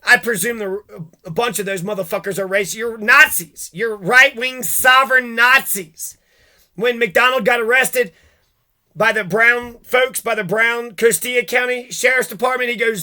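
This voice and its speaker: A man's voice: very high voice, moderate pace, sharp tone. A man delivering a heated, profane rant, cursing and jumping from one grievance to the next.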